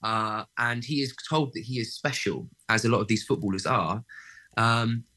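A young actor, a guest in a casual interview, pausing often with fillers and restarts as he thinks aloud. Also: medium pitch, steady tone, bright, forceful tone, rough recording. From England. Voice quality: many fillers and restarts, thoughtful.

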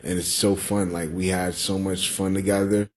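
A man's voice: low voice, little pitch movement, moderate pace. A man, talking casually and hesitantly in an interview clip. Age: 30s. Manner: casual, hesitant talk with fillers.

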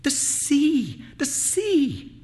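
A man voicing a joyful, innocent young woman in a storybook reading, speaking in soft, wondering exclamations. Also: very high voice, wildly swooping pitch, very slow, pitched above the performer's own voice, exaggerated voice. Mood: excited.

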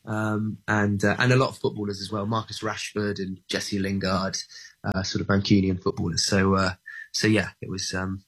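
A man's voice: fairly low pitch, flat delivery, normal speed, breathy edge. A man from England, an actor guest in a radio interview, answering thoughtfully with lots of "uh"s and restarts and a self-deprecating humor. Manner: hesitant, many fillers and restarts, self-deprecating.

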